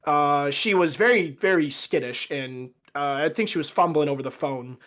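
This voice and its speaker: A man's voice: on the high side, normal speed, fairly bright tone. A young man as a podcast guest, telling a rambling story in casual chat with lots of fillers. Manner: rambling anecdote with fillers and acted quotes.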